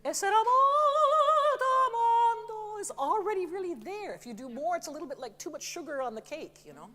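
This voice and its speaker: A woman's voice: sits high, fast talker, big-room sound. A woman voice teacher giving a masterclass, chatty and demonstrative, often breaking into sung examples with some apologetic humor. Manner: lively, demonstrative, sings examples between remarks. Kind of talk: masterclass coaching. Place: theater stage.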